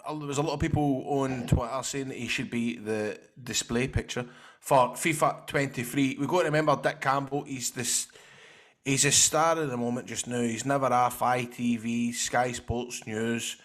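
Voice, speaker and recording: A Scottish man with a mid-pitched voice tells football stories in a relaxed, chatty way. He laughs easily between points. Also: normal speed. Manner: chatty storyteller, laughs often. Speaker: podcast co-host. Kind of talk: casual football chat.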